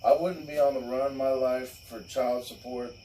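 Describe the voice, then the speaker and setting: A man's voice: medium pitch, fairly even intonation, normal speed, dark tone, far from the mic, slight background noise, low-quality recording. A man hosting a casual podcast chat, ranting bluntly and profanely. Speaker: show host.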